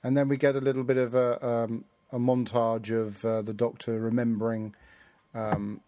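A man's voice: medium pitch, level tone, moderate pace, dark tone. A man hosting a casual review chat, rambling and hesitant with many fillers. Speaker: podcast host.

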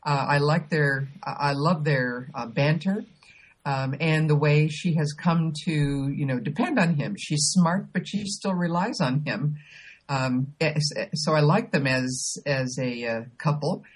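A woman co-hosting a podcast in casual chat, talking with many pauses, ums and restarts. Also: deep voice, husky. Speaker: podcast co-host.

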